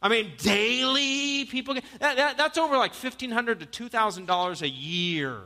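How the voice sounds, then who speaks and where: A man's voice: very high-pitched, expressive, normal speed, gravelly, bright, forceful tone, long reverb tail. A male pastor preaching an earnest sermon in a church, telling jokes and stories to the congregation. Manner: storytelling with jokes, earnest and exhorting. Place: church sanctuary.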